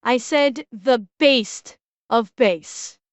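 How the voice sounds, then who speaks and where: A young woman reacting live on stream, breaking in with short exclamations and laughter. Her voice sits high and she speaks very slowly. The sound is close and dry, with no room around it. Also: dry recording. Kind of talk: casual reaction commentary.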